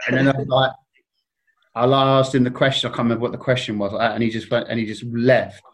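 A man's voice: medium pitch, fairly even intonation, quick pace. Rambling man telling a story. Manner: rambling, self-deprecating, laughs often. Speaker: guest telling stories. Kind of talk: casual storytelling.

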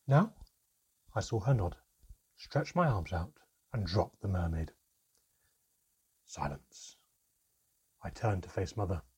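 A man narrates an audiobook in a dramatic, first-person storytelling manner. His voice sits low and sounds very husky and breathy. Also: a little mellow.

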